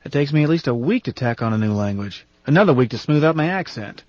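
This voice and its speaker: A man voicing Lazarus, a raspy, gruff ancient man. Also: medium pitch, animated, quick pace, dry recording, lightly acted. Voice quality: rasp. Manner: brusque and salty, grumbling. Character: gruff, blunt, ancient man, irritable and folksy. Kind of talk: audiobook character reading. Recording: dull, dry studio recording.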